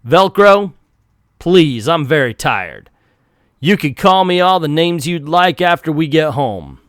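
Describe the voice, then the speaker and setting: A weary army lieutenant answers his monstrous troops with cold indifference, voiced by a man reading a comic. His words come out flat and tired. The sound is close and dry. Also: fairly high pitch, slow pace, no room sound.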